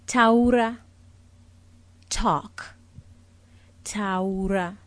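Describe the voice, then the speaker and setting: Slow, patient woman language teacher. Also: mid-range voice, no echo. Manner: patient, clear, explains each word with a translation. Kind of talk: slow, deliberate vocabulary lesson, repeating each word.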